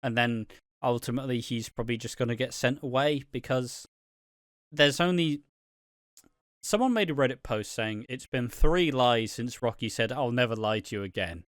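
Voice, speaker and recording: A man's voice: mid-range voice, moderate pace, a bit bright, no room sound, clean studio sound. A young man co-hosting a casual podcast recap, swearing freely and acting out characters' lines. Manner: sweary, laughs often, acts out characters' lines. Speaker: podcast co-host.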